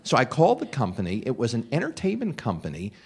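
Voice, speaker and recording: A middle-aged man, a comedian, telling a casual anecdote in an animated way, with restarts and laughs. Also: medium pitch, fast, slightly rough. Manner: animated storyteller with many restarts. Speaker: comedian guest telling a story.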